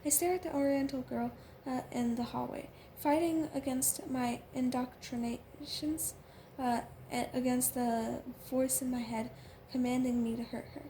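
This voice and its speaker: A woman narrates a novel in the first person, stumbling often over fillers and restarts. Her voice sits high. A faint hiss runs beneath the reading. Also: steady tone, mellow. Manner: halting, with frequent fillers and restarts. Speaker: audiobook reader.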